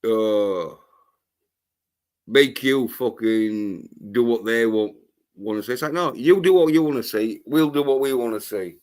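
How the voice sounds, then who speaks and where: A man's voice: mid-range voice, measured pace, a little mellow. A man hosting a livestream, ranting angrily and swearing constantly in a rambling way. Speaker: livestream host. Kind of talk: profane livestream rant.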